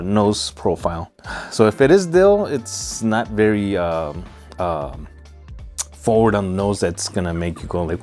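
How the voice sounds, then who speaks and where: A man with a Hispanic American accent hosting a casual whiskey review vlog, talking in a relaxed, rambling way with many fillers. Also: lowish voice. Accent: Hispanic American English. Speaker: whiskey reviewer, channel host.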